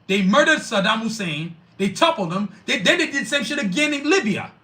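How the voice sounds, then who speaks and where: A man's voice: extremely high pitch, big pitch swings, a little fast, sharp tone. A man hosting a podcast, giving a heated, profane political rant while answering live chat. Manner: profane, fired-up, emphatic.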